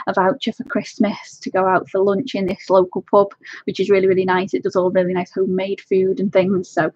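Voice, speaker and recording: A woman's voice: medium pitch, breathy edge, dry recording, dull audio. A woman hosting a casual colouring live stream from home on a webcam, chatting, laughing often and greeting viewers by name. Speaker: colouring channel host. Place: home, indoors.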